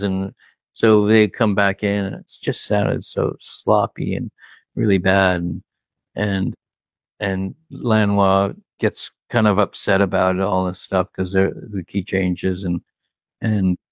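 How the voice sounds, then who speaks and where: Man, recording engineer, low voice, rambling anecdotal storyteller, dry and close. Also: creaky, dry recording. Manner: rambling, full of "like" and restarts.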